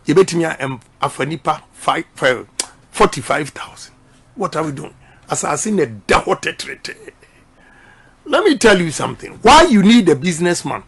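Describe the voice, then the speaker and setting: A middle-aged man with a Ghanaian accent delivers a campaign speech, pitched noticeably high for a man. He is forceful and emphatic, repeating his key lines so they land with the crowd. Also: slightly rough. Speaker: politician.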